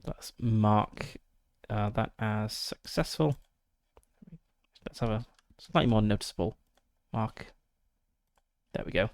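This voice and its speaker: A man's voice: lowish voice, slow pace, pauses often, no room sound, studio quality. Man narrating a solo tabletop game. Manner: reads gamebook text, mutters over dice rolls with fillers. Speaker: solo game player and streamer.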